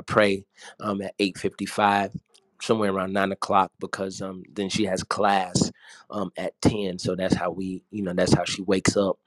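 Pastor, male, middle-aged, low and easygoing, lots of ums, dry close sound. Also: dry recording. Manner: relaxed and slow, many ums. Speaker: pastor and co-host. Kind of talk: casual morning check-in.

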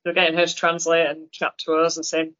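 A woman's voice: low voice, completely flat delivery, fairly quick, a bit bright, dull audio. A woman on a casual running podcast, recounting a trip in a matter-of-fact way. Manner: matter-of-fact, refuses to do accents. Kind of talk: casual chat.

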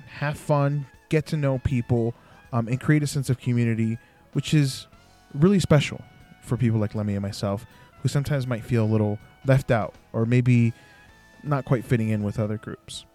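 A man's voice: medium pitch, normal speed, warm tone, faint music behind. A young man hosting a podcast who talks in a friendly, rambling way with many fillers as he interviews his guest. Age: young adult. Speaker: podcast host. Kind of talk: casual podcast talk and interview.

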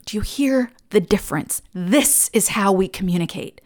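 A woman hosting a podcast, teaching in a lively conversational monologue and acting out quoted exchanges. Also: mid-range voice, a little fast. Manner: animated, acts out quoted dialogue. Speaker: podcast host.

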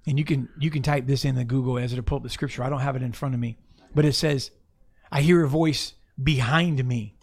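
A man's voice: mid-range voice, steady tone, a little fast. A man preaching an off-the-cuff sermon, talking to listeners casually and asking them to look up verses. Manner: conversational, restarts, asks listeners to look up verses. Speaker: pastor.

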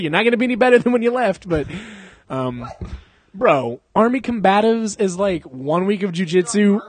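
A man's voice: a little high, breathy edge, no echo. Swearing, laughing young man telling stories. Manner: animated, swearing storyteller, laughs a lot. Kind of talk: casual chat.

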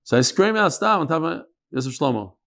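A man with a fairly high voice leads a live Talmud study group. He chants the Aramaic lines, then breaks into chatty English explanation and banter with his students. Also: very animated, fast talker, vocal fry, fairly bright tone. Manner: jokes and bickers with students. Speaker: Talmud teacher. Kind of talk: casual daily Talmud class.

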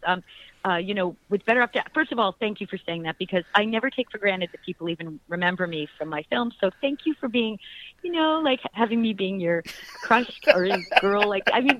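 A woman's voice: medium pitch, fairly bright tone. Chatty, enthusiastic woman on a dull line. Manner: enthusiastic, chatty, many fillers. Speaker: actress guest. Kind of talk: casual interview chat.

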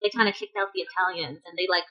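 A woman's voice: on the low side, steady tone, fast, pushed and bright, muffled recording. Chatty opinionated woman podcast host. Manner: chatty and opinionated, laughs often. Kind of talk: casual chat.

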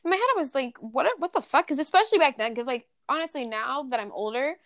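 A woman's voice: high-pitched, big pitch swings, fast talker, fairly bright tone, no room sound, studio quality. A young adult woman guesting on a podcast, telling a personal story in a candid, profane way, full of "like" and "you know". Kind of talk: casual podcast chat.

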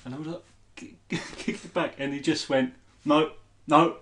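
A man hosting a poetry talk, chatting in a relaxed way and laughing easily. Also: a little high, moderate pace. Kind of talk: casual chat. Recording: echoey room with faint noise.

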